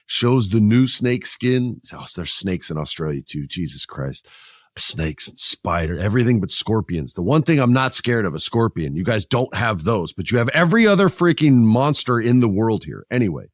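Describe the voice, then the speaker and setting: Low-voiced joking podcast host man. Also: dry recording, studio quality. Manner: joking, animated, mimics voices in stories. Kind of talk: casual wrestling chat.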